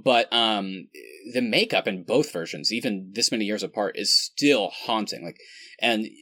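A man's voice: lowish voice, a little slow, sharp tone, no room sound. A man co-hosting a podcast, chatting casually and enthusiastically, rambling with frequent laughs. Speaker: podcast co-host. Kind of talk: casual chat.

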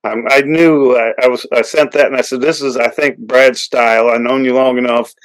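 A man hosting a hunting podcast, telling a long story in a rambling way with many restarts and excited punchlines. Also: medium pitch, normal speed, low-quality recording. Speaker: podcast host. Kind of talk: casual storytelling interview.

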